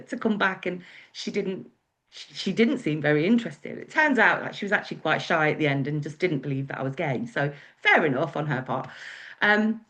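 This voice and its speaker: A woman's voice: medium pitch, a bit bright. A woman with an English accent, telling her own story as a guest speaker in a chatty, candid way. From England. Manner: chatty, candid, with acted-out quotes. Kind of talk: personal storytelling.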